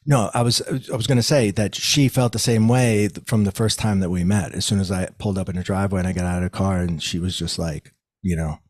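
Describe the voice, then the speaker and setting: A man's voice: fairly quick, no room sound. A middle-aged man, a psychic medium guest, telling his story in an interview and acting out the people he quotes. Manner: acts out quoted people with raised pitch, lively.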